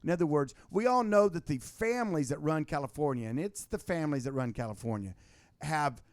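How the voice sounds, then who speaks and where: Man guest, slightly high voice, animated storyteller with many restarts, dry close mic. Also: a little fast, no room sound. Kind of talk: casual political chat.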